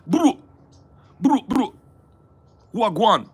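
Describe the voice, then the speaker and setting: A man's voice: mid-range voice, drawn-out words, gravelly, pushed and bright, pitched above the performer's own voice, full character voice. A man doing an impression of a woman politician putting on a mock island accent, in sing-song nonsense chants. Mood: chanting.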